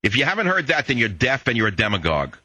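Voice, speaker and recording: A man's voice: medium pitch, sing-song, fast talker, pushed and bright, no room sound. An older man hosting a political talk radio show, lecturing listeners in a combative monologue and telling jokes.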